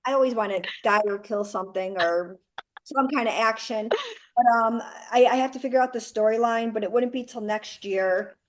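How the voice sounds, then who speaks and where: A woman in her forties talks as a guest in a casual interview, direct and a little blunt. She tells her stories with energy and slips into the voices of the people she quotes. Her voice sits a bit high. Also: moderate pace. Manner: direct, animated storyteller who acts out quoted dialogue. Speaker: guest actress.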